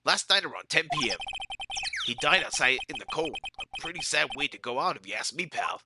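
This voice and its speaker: Gruff folksy male detective, middle-aged, says "pal"; read by a streamer doing voices. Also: medium pitch, sing-song, brisk, heavy background noise, natural voice. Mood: matter-of-fact. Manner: folksy, calls people pal. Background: loud game music.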